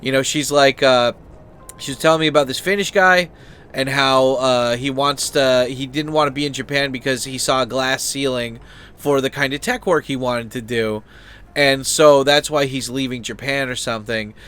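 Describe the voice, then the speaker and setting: A man's voice: mid-range voice, steady tone, moderate pace, a bit bright, clean tone. A man hosting a channel, talking in a loose, rambling way with lots of fillers, restarts and swearing. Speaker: channel host. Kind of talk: casual opinion chat.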